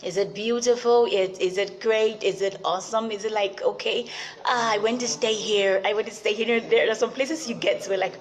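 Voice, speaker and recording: A woman's voice: medium pitch, fairly even intonation, normal speed. A young adult woman hosting a motivational talk show, speaking earnestly and repeating rhetorical questions to her listeners. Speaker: show host.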